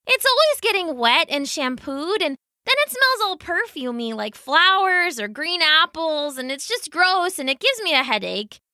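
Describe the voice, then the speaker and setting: A woman's voice: sits high, big pitch swings, moderate pace, hardly any pauses, pushed and bright, dry recording, studio quality, pitched above the performer's own voice, exaggerated voice. A woman voicing a tiny, timid leaping louse who asks hesitantly for shelter. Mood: timid pleading. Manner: hesitant, pleading.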